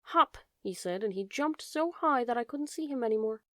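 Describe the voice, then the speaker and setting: A woman's voice: fairly high pitch, lively intonation, normal speed, fairly bright tone, no room sound. A woman voicing a curious, polite young male fawn who speaks eagerly and with wonder, in a dry-sounding storybook reading.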